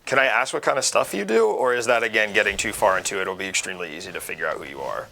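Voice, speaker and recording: A young man hosting a casual live-stream talk show while gaming, talking in halting, rambling bursts with many restarts. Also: lowish voice, animated, creaky, bright, forceful tone, a little hiss or hum.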